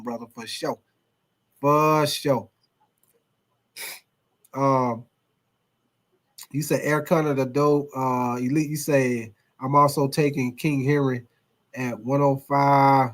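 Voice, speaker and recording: A man's voice: mid-range voice, fairly even intonation, a little slow, long pauses. A man hosting a casual sports livestream, reading chat comments aloud in a loose, repetitive way, swearing and laughing often.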